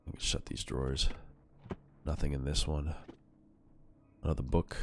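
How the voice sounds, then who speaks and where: A man's voice: very deep voice, little pitch movement, moderate pace, pauses often. A man streaming a horror game, talking casually and bluntly, swearing, and reading the game's text aloud. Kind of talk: casual gameplay commentary.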